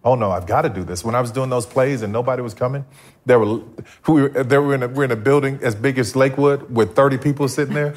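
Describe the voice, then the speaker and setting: A man speaks as a guest in front of a live audience, telling a personal testimony. He tells it with animation and acts out his own past dialogue. His voice sits at an ordinary pitch for a man. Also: steady tone, fast talker.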